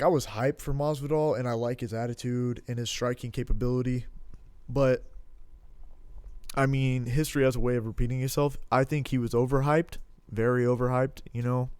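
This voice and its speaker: A man's voice: medium pitch, a little mellow, smooth, no room sound. A young man chatting casually on a podcast, rambling with lots of restarts and blunt, profane remarks. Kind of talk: casual podcast chat about fighting.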